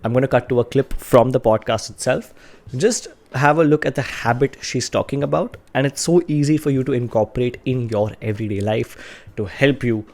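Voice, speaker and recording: A man's voice: mid-range voice, brisk, a little mellow. Earnest male communication coach. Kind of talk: instructional explainer video.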